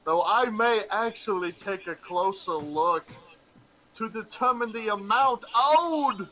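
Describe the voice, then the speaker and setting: A man's voice: high-pitched, expressive, slow pace, sharp tone, rough recording. A man on a podcast panel reading an email theatrically, giggling as he goes. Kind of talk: comic dramatic reading.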